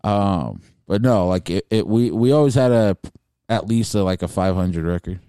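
A man's voice: deep voice, animated, normal speed, dark tone, clear, resonant tone, dry recording, studio quality. A young man co-hosting a podcast, telling stories in a rambling, casual way with lots of swearing and restarts. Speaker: podcast co-host. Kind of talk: casual chat.

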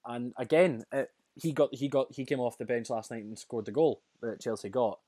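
A man's voice: medium pitch, steady tone, normal speed, warm tone, no room sound. A man co-hosting a casual football chat, talking chattily with frequent restarts and laughs. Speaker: podcast co-host.

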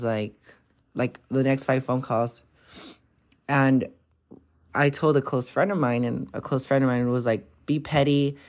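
A woman's voice: very deep voice, darkish tone. A young woman vlogger telling stories in a casual, rambling way, swearing freely and filling her talk with constant "like"s. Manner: profane, rambling, filler-heavy with constant "like". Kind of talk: casual storytelling vlog.

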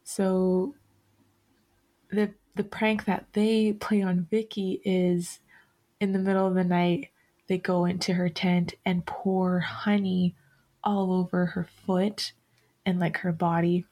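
Woman podcast host, slow and meandering, lots of fillers and restarts. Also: lowish voice, flat delivery, warm tone. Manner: rambling, self-correcting, many fillers. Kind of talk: casual chat.

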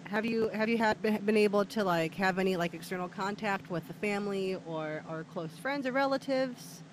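A woman's voice: medium pitch, normal speed, a little hiss or hum. A woman hosting a mock true-crime podcast, chatty, with stumbling phrasing and frequent giggles. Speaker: host.

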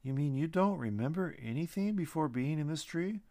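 An impatient young man fires off eager questions in this storybook reading, as a man voices him. The voice is pitched above the narration and rises and falls in a lively way. It sounds dry and close, with no room echo. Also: moderate pace. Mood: curious.

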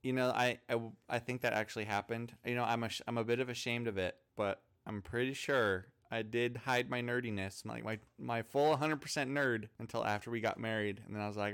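A man's voice: mid-range voice, fairly even intonation, fairly quick, few pauses, fairly bright tone, clear, resonant tone. A young man co-hosting a casual podcast, reacting playfully and joking about himself. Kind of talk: casual chat.

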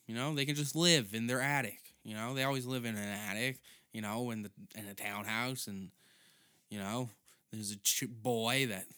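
Bright, crisp-voiced man ranting. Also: medium pitch, moderate pace, dry recording, clean studio sound. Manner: profane, rambling rant. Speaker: podcast host. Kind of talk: comedic monologue.

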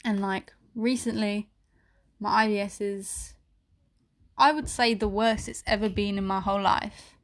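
A woman's voice: medium pitch, fairly even intonation, measured pace. A young woman hosting a solo podcast, talking candidly and emotionally with lots of "like" fillers and the odd swear word. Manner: rambling, many "like" fillers and swearing; emotional, voice near tears at times. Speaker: podcast host.

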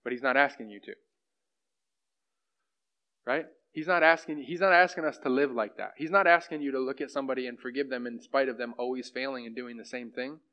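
Casual young preacher, dull lo-fi sound. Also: male voice, mid-range voice, a little fast. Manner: casual, conversational preaching with frequent "like" and "right?". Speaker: pastor. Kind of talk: sermon.

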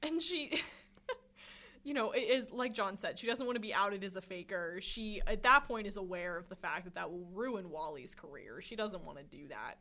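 A woman's voice: medium pitch, expressive, moderate pace, pushed and bright. A woman co-hosting a podcast, chatting casually about a film and laughing often as she retells its scenes. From Swedish. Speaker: podcast co-host.

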